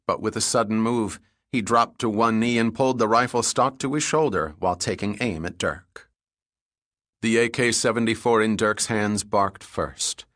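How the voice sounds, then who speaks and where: A man narrating an audiobook thriller in a steady, measured reading. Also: lowish voice, dry recording, clean studio sound.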